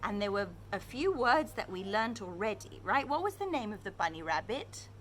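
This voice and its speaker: Lively woman reading to children. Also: medium pitch, normal speed, a little hiss or hum. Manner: animated, asks children questions. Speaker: children's storyteller and Hebrew teacher. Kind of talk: reading a picture book aloud, then teaching words.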